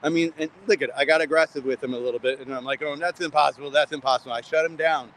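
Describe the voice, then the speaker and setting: A man's voice: medium pitch, fairly even intonation, fast talker, a bit bright, a little hiss or hum, low-quality recording. A man rambling heartfelt to his viewers in a casual walk-and-talk vlog, filmed outdoors on a city street. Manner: rambling, heartfelt, repeats himself, talks straight to viewers. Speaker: vlogger filming outside a building.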